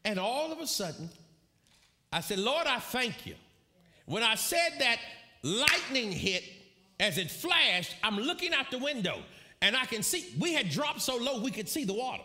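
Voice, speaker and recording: A man preaching a sermon, telling a story with animated, shouted quotes and bursts of laughter. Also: very high-pitched, moderate pace. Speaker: pastor.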